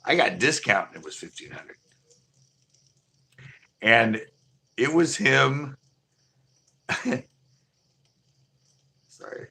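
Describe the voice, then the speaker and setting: A man's voice: medium pitch, very animated, slow, creaky, pauses often, bright, forceful tone. A man who runs a local store, telling a casual live story in a rambling, profane way with many restarts. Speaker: local fish store owner.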